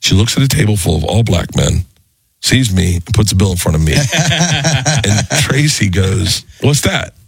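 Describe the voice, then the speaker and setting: A comedian in his thirties telling a rambling, animated, self-mocking story in casual chat. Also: sits low, normal speed, vocal fry, breathy edge, dry recording.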